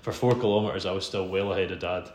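A Scottish man with a low, darkish voice talks fast and fairly evenly, a podcast host now sitting in the guest seat. He tells a long story in a chatty, self-deprecating way, laughing often, as casual storytelling in a podcast interview. The room sounds roomy, with a faint hum in the background.

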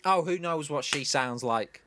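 A man's voice: fairly high pitch, expressive, unhurried, background noise. A man co-hosting a comedy podcast, reluctant and grumbling through the banter before reading out the sign-off. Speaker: podcast co-host.

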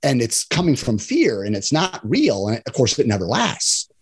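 A man's voice: medium pitch, wildly swooping pitch, normal speed, husky. Earnest male coach explaining patterns. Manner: earnest, explanatory, acts out examples in other voices; frequent "right?" tag questions. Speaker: divorce and love coach, guest. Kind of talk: casual podcast conversation.

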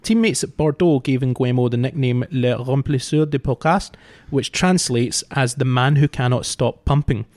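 A man on a football podcast, explaining his view and then reading out quiz questions in a steady, dry way. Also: mid-range voice, normal speed, hardly any pauses. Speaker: podcast regular, quiz setter. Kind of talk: casual podcast chat.

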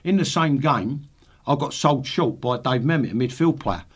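A man's voice: medium pitch, lively intonation, normal speed, slightly rough. A man in his sixties, a podcast guest, telling swearing football anecdotes with laughs. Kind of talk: casual storytelling.

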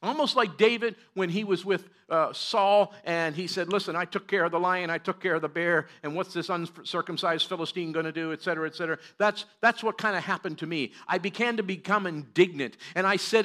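A man's voice: high-pitched, fairly quick, few pauses, a bit bright. A middle-aged man from Canada preaching a sermon, telling a personal story earnestly and building to fervent declarations. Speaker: pastor.

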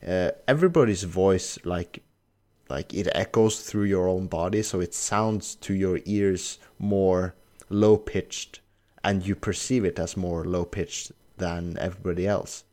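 A Norwegian man with a deep, low-pitched voice hosts a casual English-language podcast. He is a native Norwegian speaker who explains things at an unhurried pace, padding his thoughts with fillers. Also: a little mellow. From Norway. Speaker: podcast host and editor.

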